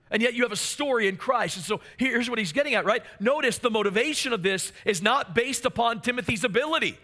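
A man's voice: very high voice, fast talker, few pauses, bright, forceful tone. A man preaching a sermon as pastor, earnest and emphatic, repeating key phrases for weight.

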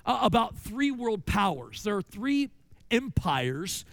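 A man's voice: sits high, slow, creaky, no room sound. A middle-aged man preaching a sermon as pastor in a church, telling stories and asking rhetorical questions. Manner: animated storytelling with rhetorical questions. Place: church sanctuary.

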